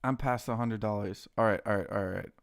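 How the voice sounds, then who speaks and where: Excitable young man streaming trades. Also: lowish voice, brisk, gravelly. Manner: excitable, talks to chat and his dogs, says dude a lot. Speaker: stock trading livestreamer. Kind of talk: casual live-stream chat.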